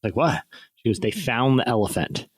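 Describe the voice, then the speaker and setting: Male podcast co-host, mid-pitched, rambling storyteller, dry close mic. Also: normal speed, husky, no echo. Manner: rambling, laughing storyteller, pitch jumping when excited. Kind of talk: casual chat, reading news stories.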